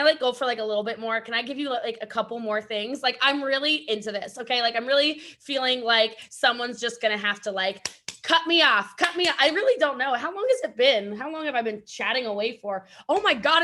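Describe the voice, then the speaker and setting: A woman giving an energetic motivational talk at an event, chatty and rambling, often breaking off to laugh. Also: high-pitched. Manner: chatty, rambling, self-interrupting, laughs a lot. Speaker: event speaker.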